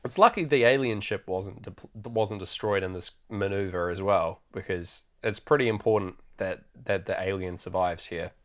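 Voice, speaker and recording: Podcast guy rambling through a movie recap, keeps laughing, kinda low voice. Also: moderate pace, few pauses, a bit bright. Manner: laughs often, rambling, loose and irreverent. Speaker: podcast host. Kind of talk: casual film recap chat.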